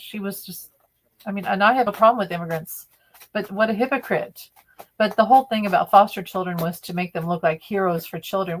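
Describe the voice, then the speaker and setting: A woman gives a live-stream tarot reading in a medium-pitched voice with fairly even intonation and a moderate pace. She's conversational and opinionated, often restarting her sentences, and slight background noise is audible.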